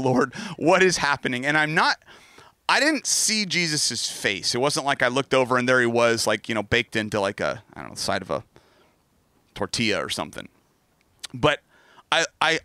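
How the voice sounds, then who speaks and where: A middle-aged man preaching, his voice bright and forward. The sound is dry and close, with almost no room around him. He talks earnestly and candidly, weaving a personal story into his sermon. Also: mid-range voice, no echo. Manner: earnest, candid, storytelling with self-deprecating asides. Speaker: pastor.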